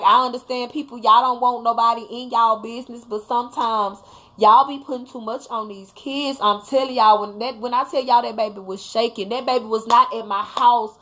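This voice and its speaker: A woman's voice: fairly high pitch, pushed and bright. A mother hosting a casual live talk, speaking emphatically and bluntly to her viewers, now and then swearing. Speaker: livestream host talking to viewers.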